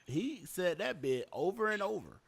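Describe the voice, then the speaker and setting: A man's voice: high-pitched, sing-song, moderate pace, vocal fry, husky. A young man hosting a casual podcast chat, talking loosely with lots of fillers and restarts. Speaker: podcast host.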